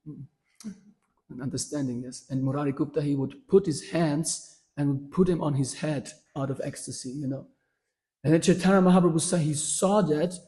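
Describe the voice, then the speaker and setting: A man, telling a devotional story at a workshop with many fillers and restarts. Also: on the high side. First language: German. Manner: animated, with frequent fillers and restarts. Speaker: workshop speaker.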